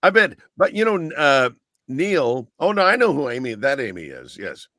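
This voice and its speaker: A man's voice: mid-range voice, very animated, moderate pace, pushed and bright, no room sound, studio quality. An older man, a radio broadcaster guest, chatting eagerly and rambling with many fillers. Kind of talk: casual interview chat.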